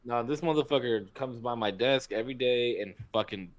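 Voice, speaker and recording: A man's voice: mid-range voice, normal speed. A man co-hosting a podcast in casual chat, telling stories emphatically and swearing freely. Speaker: podcast co-host.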